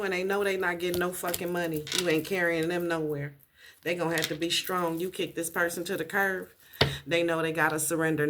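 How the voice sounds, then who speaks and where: A woman's voice: fairly low pitch, background noise. Blunt, profane woman tarot reader. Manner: blunt, profane, emphatic repetition. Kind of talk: casual tarot reading to camera.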